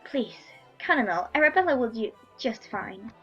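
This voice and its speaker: A woman's voice: fairly high pitch, sing-song, normal speed, muffled recording, music in the background. Woman reading as a gushing young noblewoman. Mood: sweet. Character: bubbly young noblewoman, gushing over officers.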